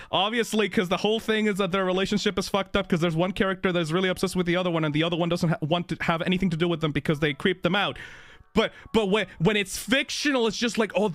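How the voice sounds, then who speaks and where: A man hosting a livestream, thanking viewers for donations and chatting in an excitable, giggly way with plenty of swearing. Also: sits high, fast talker, faint music behind. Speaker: livestream host reading donations. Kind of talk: casual livestream chat.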